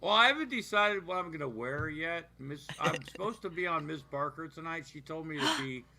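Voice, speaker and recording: A man's voice: fairly high pitch, very animated, normal speed, vocal fry, pushed and bright. An older man co-hosting a casual livestream chat, rambling and joking crudely. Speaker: co-host.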